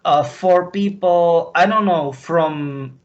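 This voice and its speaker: A man from Slovakia, speaking as an interview guest in a halting, impassioned way. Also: a little high, highs cut off. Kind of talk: emotional interview talk.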